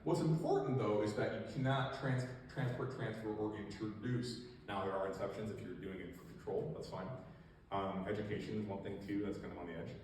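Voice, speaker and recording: A man's voice: on the low side, fairly quick, darkish tone. A man giving a casual, joking educational talk about invasive species, full of fillers and asides, to a live audience. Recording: echoey hall, distant mic, faint room noise.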